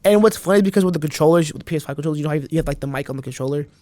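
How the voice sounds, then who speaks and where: Guy on a podcast, kinda high voice, dry close sound, rambly and animated. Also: racing, dry recording. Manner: animated, rambling with many restarts. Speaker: podcast guest. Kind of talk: casual chat.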